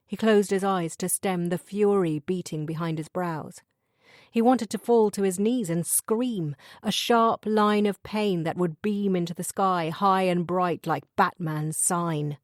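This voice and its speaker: A woman narrating a thriller audiobook in a measured, even reading style. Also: fairly low pitch, dry recording, studio quality. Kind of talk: scripted narration.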